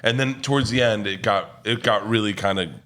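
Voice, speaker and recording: A man's voice: fairly low pitch, brisk, sharp tone. A man telling stories on a comedy podcast, laughing often and acting out other people's voices. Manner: laughs often mid-story, acts out voices. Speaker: comedian guest. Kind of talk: animated storytelling.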